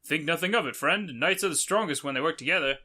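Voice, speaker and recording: A man's voice: on the high side, quick pace, sharp tone. A man voicing an earnest, polite armored male knight hero with formal delivery.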